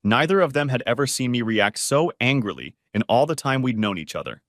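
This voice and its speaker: A man narrating a first-person story in an expressive, dramatic way. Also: mid-range voice, brisk, no room sound, studio quality. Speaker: audiobook narrator.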